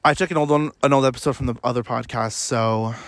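A man's voice: medium pitch, fairly even intonation, quick pace, a bit bright, no echo. A young man hosting a casual podcast, joking and blunt, swearing now and then as he answers questions. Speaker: podcast host.

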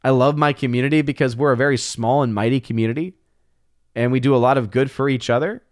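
This livestream host, a man with a medium-pitched voice, talks fast as he reads chat messages aloud and tosses back amused, chatty replies. The sound is clean studio audio without echo.

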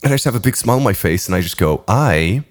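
Low-voiced man telling a rowdy story. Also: animated, very fast. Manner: rambling, profane storytelling with frequent laughter. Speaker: podcast host. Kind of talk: casual podcast chat.

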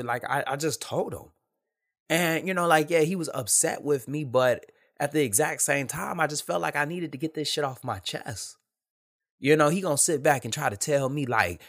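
With a mid-range, fairly bright voice, a man hosts a podcast and delivers a casual monologue. He's candid and emphatic, leaning on street slang and going over the same points again and again.

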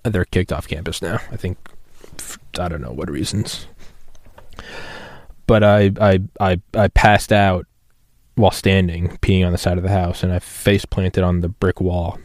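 A man's voice: low voice, steady tone, a little slow, darkish tone, no echo, studio quality. A man in his thirties hosting a solo podcast, rambling and profane and mocking himself as he talks. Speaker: podcast host.

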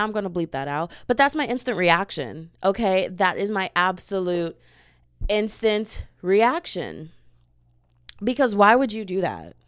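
A young woman from the States, hosting a podcast as a sassy, chatty comedic monologue with sudden loud outbursts. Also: mid-range voice, clean tone. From Southern United States. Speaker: podcast host.

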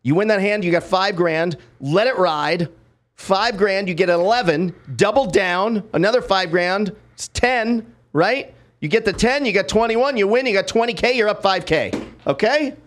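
A man's voice: high voice, moderate pace. A man hosting a podcast, chatting casually, joking and swearing. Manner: profane, animated, joking. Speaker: podcast host. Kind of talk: casual chat.

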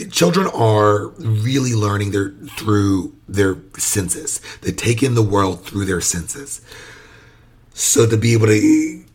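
A man's voice: fairly low pitch, slightly rough. A man hosting a podcast, talking loosely about his work with young children, with lots of fillers and restarts. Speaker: podcast host; early childhood educator. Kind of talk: casual podcast monologue.

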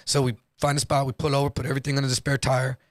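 A man telling a story in a loose, profane, casual way, jumping into higher voices when quoting people. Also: rapid-fire, no echo, studio quality. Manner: animated, acts out quotes in higher voice. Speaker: guest storyteller.

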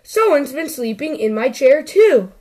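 A woman doing a high, gasping mama bear. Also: big pitch swings, measured pace, a little mellow. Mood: startled.

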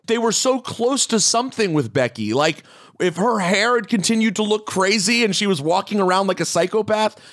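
A man with a somewhat high voice co-hosts a casual wrestling podcast. He talks bluntly and with opinion, pressing his points with emphatic repeats. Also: animated, moderate pace, fairly bright tone. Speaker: podcast co-host.

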